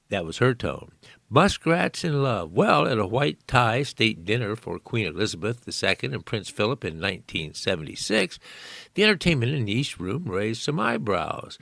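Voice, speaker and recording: Man, volunteer news reader, folksy asides, lively low voice, dry studio sound. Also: vocal fry, dry recording. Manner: folksy, aside-prone, amused. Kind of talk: news reading with chatty asides. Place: radio reading studio.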